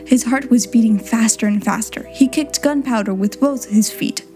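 A female narrator reads a storybook aloud at a moderate pace, keeping it clear and simple for learners. Her voice is a little high yet mellow and warm, with soft music faintly underneath.

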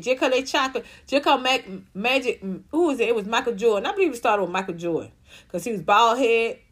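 Lively, blunt-talking woman ranting. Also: fairly high pitch. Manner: blunt, profane, sarcastic ranting. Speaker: gossip commentator. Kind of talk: ranting celebrity gossip commentary.

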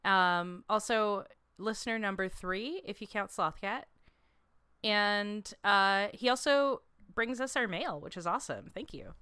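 Young woman, comedic podcast co-host, giggly and outspoken, smooth and clear, dry close mic. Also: medium pitch, a little slow, pushed and bright, no echo. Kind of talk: casual comedic chat.

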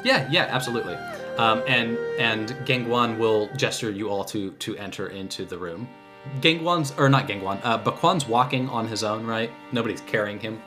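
A man narrating as game master in a casual, halting way, full of filler words. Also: lowish voice, music in the background.

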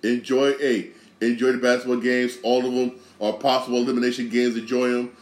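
A Connecticut man hosts his own podcast in a casual solo monologue, rambling, repeating phrases, and swearing freely. He speaks a little fast at a medium pitch with little pitch movement, in a reverberant space.

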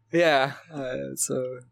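A man's voice: medium pitch, creaky, no echo, studio quality. A man co-hosting a podcast, casually walking through a horror film's plot and laughing often. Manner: laughs often, plays back the plot beat by beat. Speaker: podcast co-host recapping a film. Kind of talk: casual film recap chat.

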